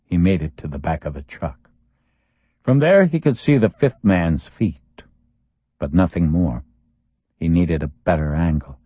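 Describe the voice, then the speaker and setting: A man reading a thriller audiobook in a steady, measured storytelling voice. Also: low voice, no room sound. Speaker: audiobook narrator. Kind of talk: scripted thriller narration. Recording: dull lo-fi dry recording.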